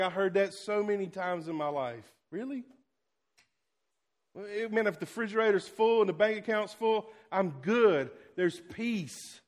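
A male pastor preaching a sermon, swinging between loud exclamations and hushed, quiet lines. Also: high voice, slow pace.

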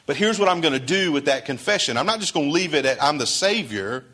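Conversational preaching man, higher voice. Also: expressive, fast talker, sharp tone. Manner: conversational preaching with rhetorical questions to the congregation. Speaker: pastor. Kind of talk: sermon.

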